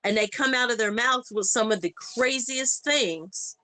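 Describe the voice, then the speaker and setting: A woman in casual chat on a podcast, telling animated stories and acting out the people in them. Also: a little high, measured pace, dry recording, low-quality recording. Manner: animated, acts out quoted voices in anecdotes. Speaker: podcast co-host.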